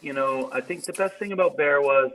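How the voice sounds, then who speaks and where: A man from Canada spinning absurd comic stories in improvised banter over a video call. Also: brisk. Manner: absurd deadpan storytelling, lively pitch. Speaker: comedy double act performer. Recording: tinny video call audio.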